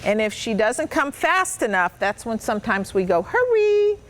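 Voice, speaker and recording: A woman's voice: mid-range voice, expressive, normal speed, a bit bright. A woman dog trainer patiently coaching children, with upbeat, sing-song praise. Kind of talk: hands-on instruction to children.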